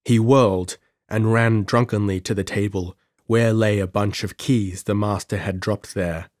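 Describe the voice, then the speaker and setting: A man narrating a pulp adventure story in an audiobook with measured, dramatic delivery. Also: on the low side, steady tone, a little mellow, no room sound, clean studio sound.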